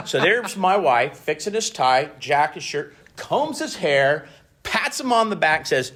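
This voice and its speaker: Animated man host telling stories. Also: sits high, moderate pace. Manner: animated, laughing storyteller. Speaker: podcast host, industry association past officer. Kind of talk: casual interview chat.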